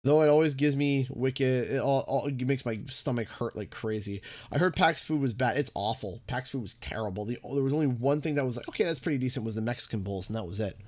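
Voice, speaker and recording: A man's voice: medium pitch, a little mellow. A young adult man with a Canadian accent, chatty, giving live gameplay commentary and thanking viewers as a gaming streamer. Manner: chatty, thanks viewers, mutters about the game.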